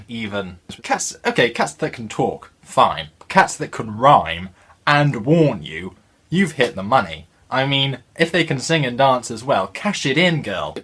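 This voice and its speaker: A man's voice: mid-range voice, big pitch swings, moderate pace, fairly bright tone, slightly rough. A man hosting his channel, reading a children's book aloud in a chatty way and breaking off for wry, joking asides. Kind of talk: jokey storybook reading with asides.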